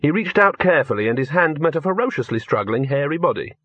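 A husky male narrator telling a story in a measured, steady way. The recording is dull and lo-fi, very dry and close to the mic. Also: fairly high pitch, no echo. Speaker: audiobook narrator. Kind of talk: scripted narration.

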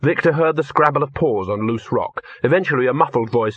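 A man reading a novel aloud in measured, scripted narration. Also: mid-range voice, slightly rough, no echo. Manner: measured storytelling. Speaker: audiobook narrator. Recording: dull lo-fi, dry close mic.

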